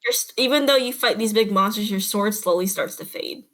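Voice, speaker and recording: A woman's voice: medium pitch, a little fast, fairly bright tone, low-quality recording. A woman runs a tabletop game as game master, her voice in a middle range. She narrates casually and chattily and laughs often.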